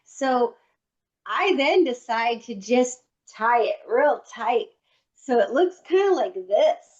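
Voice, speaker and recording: A woman's voice: a little high, lively intonation, slow pace, a little mellow, lo-fi sound. A woman co-hosting a podcast, telling a comic story and acting out her own inner thoughts, talking into her computer on a video call. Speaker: podcast co-host. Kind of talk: casual chat. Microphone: computer microphone on a video call.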